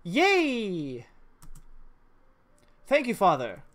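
A woman's voice: mid-range voice, wildly swooping pitch, extremely slow, fairly bright tone, heavily acted. A woman voicing a sweet, obedient eleven-year-old girl in a horror game, reading the lines politely and eagerly. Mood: cheerful.

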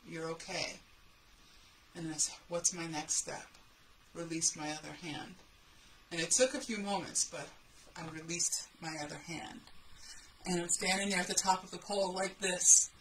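Woman book coach, bright voice, animated storytelling, a little hiss behind. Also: fairly low pitch, low-quality recording. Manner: animated storytelling, acting out her own fear and the coach's calm replies. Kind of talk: motivational storytelling lesson.

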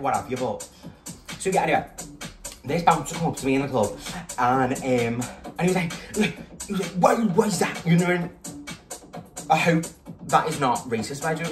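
A man, tipsy, chatting in a rambling, gossipy vlog and swearing a lot. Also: a little high. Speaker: vlogger. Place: his bedroom at home. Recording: distant mic with loud background music. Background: music playing.

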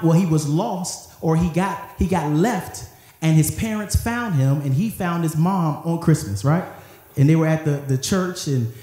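A male pastor preaching in an animated call-and-response style, breaking into loose, joking asides. His voice sits a bit high with a mellow, warm tone. It carries through a very echoey church hall. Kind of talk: sermon. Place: church sanctuary.

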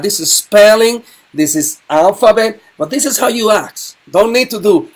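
Slow-talking man teaching a sign class. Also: high-pitched, animated, a bit bright. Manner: halting, repeats words, frequent ums. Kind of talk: online sign language lesson.

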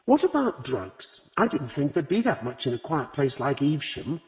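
A man's voice: medium pitch, big pitch swings, moderate pace, close to an everyday voice. A man voicing a blunt, impatient middle-aged woman detective in an audiobook. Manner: blunt and demanding. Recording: dull lo-fi audio with long reverb.

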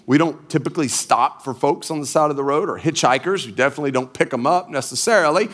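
A man's voice: on the high side, fast talker, fairly bright tone. A middle-aged man preaching a sermon from a church stage, with folksy, humorous storytelling. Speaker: pastor.

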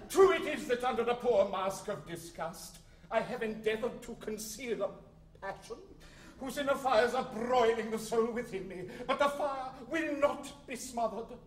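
A man's voice: very high voice, a little hiss or hum. An actor playing a comic lovesick man in a stage light opera, pleading in overblown theatrical speech and singing a mournful ballad. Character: comic lovesick man wooing a fierce older woman. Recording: roomy stage sound with loud orchestra.

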